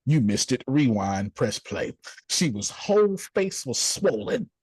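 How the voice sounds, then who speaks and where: A middle-aged man leading a group video call, preaching in a blunt, slangy way with casual swearing, jumping from low asides to high exclamations. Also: big pitch swings, measured pace, a little mellow, husky, dry recording. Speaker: host leading a group discussion. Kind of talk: preacherly motivational talk.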